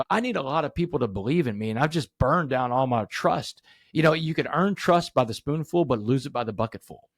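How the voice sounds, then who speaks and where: A man in his forties, a podcast guest, telling his story emphatically and rising to animated peaks. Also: on the low side, no room sound, studio quality. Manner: addresses host directly, asks rhetorical questions. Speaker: podcast guest, motivational speaker.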